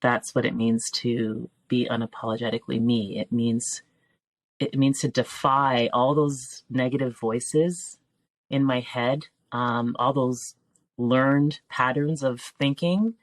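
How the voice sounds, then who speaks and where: A woman's voice: a bass voice, steady tone, slow, dry recording. A woman in her forties, a teacher and filmmaker, talking as a podcast guest in a heartfelt, searching way with restarts. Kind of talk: reflective podcast interview.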